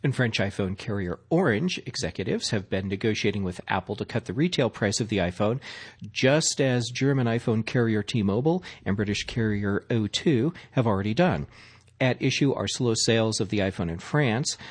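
A man's voice: lowish voice, lively intonation, normal speed, slightly rough. A man from Missouri co-hosting a tech news podcast, reading stories plainly with joking asides. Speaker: podcast co-host.

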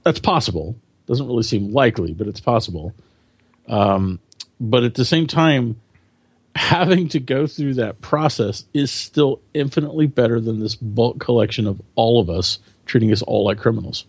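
A man's voice: medium pitch, moderate pace, slightly rough, no room sound. A man co-hosting a tech podcast, giving opinionated, emphatic comments. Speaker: podcast co-host. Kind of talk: casual tech podcast talk.

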